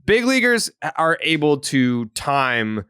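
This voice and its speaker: A man from Massachusetts hosts a casual sports podcast. His pitch swings widely as he teases his co-hosts and breaks into easy laughter. The sound is close and dry, with no room in it. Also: very animated, takes it slowly, pushed and bright, clean tone, no room sound. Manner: teasing, laughs easily. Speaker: podcast host.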